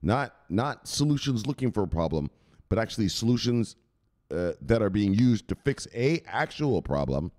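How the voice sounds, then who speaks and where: Man, crypto host, profane rant, lively swinging delivery, low voice. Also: moderate pace. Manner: coarse, swearing, keeps asking "right?".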